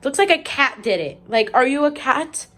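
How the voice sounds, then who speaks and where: A woman's voice: high-pitched, animated, normal speed, bright, forceful tone. Young woman filming at home, exasperated. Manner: chatty, exasperated while showing damage. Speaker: vlogger. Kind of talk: casual home video commentary.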